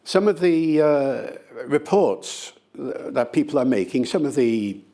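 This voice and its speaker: An older man, a linguist being interviewed, answering in a lively, conversational way with playful demonstrations. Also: mid-range voice, measured pace.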